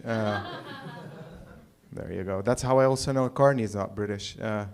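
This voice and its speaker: Halting, dry stand-up comedian, a man. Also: lowish voice, little pitch movement, darkish tone. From Middle East. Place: small live comedy venue.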